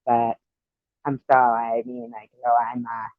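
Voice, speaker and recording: Slow, rambling New man. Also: mid-range voice, completely flat delivery, dry recording, phone-quality sound. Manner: giggly, meandering, trails off often. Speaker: live streamer chatting with viewers. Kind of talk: casual rambling chat.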